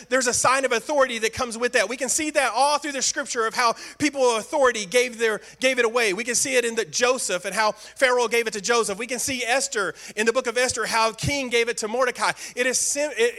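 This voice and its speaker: High, bright-voiced preaching man. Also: a little fast, few pauses. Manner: earnest, emphatic preaching with repeated phrases. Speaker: pastor. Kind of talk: sermon.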